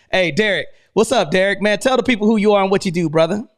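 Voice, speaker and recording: An American man hosting a live online room, talking in a hyped, loud, energetic way and saying "man" after almost every line. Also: sits high, fast. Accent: American English. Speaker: host.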